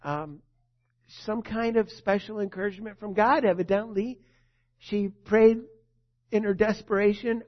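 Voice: medium pitch, unhurried, dull audio. A preacher giving a sermon, telling a story with emphasis and asking the listeners rhetorical questions.

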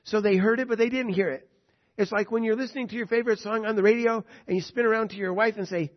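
A man's voice: high-pitched, steady tone, fast talker, highs cut off. A man teaching a Bible study lesson, reading scripture aloud and then explaining it in plain words, with rhetorical questions to his listeners.

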